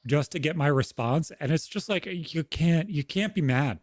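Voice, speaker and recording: This one has a slightly high voice at a normal pace, captured with clean studio sound and no echo. He's a young podcast co-host in casual conversation, telling stories from home with frank talk and nonstop swearing.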